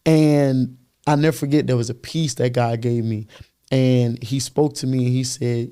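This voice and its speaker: A young man speaks with a mellow, warm tone at a middle pitch, telling his testimony in a relaxed podcast conversation. He is earnest and animated, acts out the voices of people in his story, and circles back over repeated words while he gathers his thoughts. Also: moderate pace, clean tone. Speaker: guest, youth pastor and worship leader.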